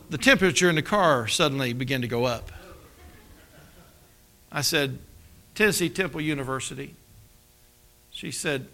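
Gravelly, bright-voiced preacher man. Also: medium pitch. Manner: storytelling, acts out dialogue with dramatic drops to a hush. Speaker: pastor. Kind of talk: sermon with personal testimony.

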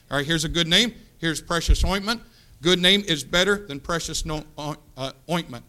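Pastor, man in his 50s, American, fervent church sermon, very bright ringing tone, slightly high voice. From United States. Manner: impassioned preaching, swells loud then drops to hushed. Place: church sanctuary.

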